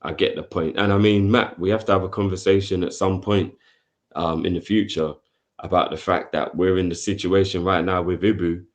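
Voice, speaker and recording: A man co-hosting a casual football chat, calm and measured as he makes his point. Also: deep voice. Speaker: football podcast co-host.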